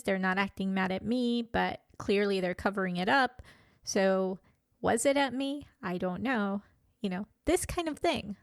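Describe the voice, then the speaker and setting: Woman in her fifties, reflective personal monologue, candid, pauses and restarts, smooth clear voice, dry close sound. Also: mid-range voice, no echo. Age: 50s. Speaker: vlogger.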